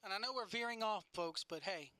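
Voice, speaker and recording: A woman's voice: medium pitch, fairly quick, pushed and bright, dry recording. A woman co-hosting a casual chat show, telling stories animatedly and swearing freely. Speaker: podcast co-host.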